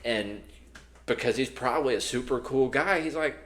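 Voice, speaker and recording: A man's voice: mid-range voice, normal speed, fairly bright tone. A man co-hosting a podcast in casual chat, telling a long story with many restarts and fillers. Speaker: podcast co-host.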